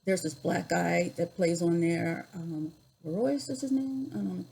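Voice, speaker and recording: A woman in her sixties telling personal stories in a vlog, reflective and unhurried, with pauses and restarts. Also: lowish voice, vocal fry, warm tone, husky, low-quality recording. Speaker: YouTuber.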